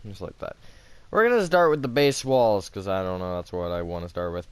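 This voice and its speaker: A man's voice: sits low, fairly quick, clean tone. A man hosting a casual game building tutorial, chatty and self-mocking, with lots of fillers, recorded at home on a close desk mic.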